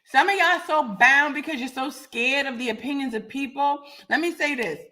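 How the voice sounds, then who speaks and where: A high-pitched woman hosts a live podcast rant. Her voice is bright and sharp, and she talks bluntly and with a lot of profanity, squaring up to her audience. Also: moderate pace. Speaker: podcast host.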